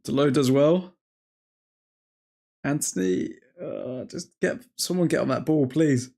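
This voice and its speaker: Male watchalong host, casual reactive commentary, slow delivery. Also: mid-range voice, gravelly, mellow. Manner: reactive, chatty fan talk with slang. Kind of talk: live football reaction commentary.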